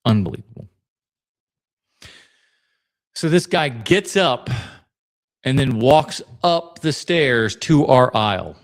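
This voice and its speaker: A man hosting a podcast, chatting casually and telling long rambling stories with fillers and laughs along the way. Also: medium pitch. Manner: rambling storyteller, laughs mid-story, many fillers. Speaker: podcast host.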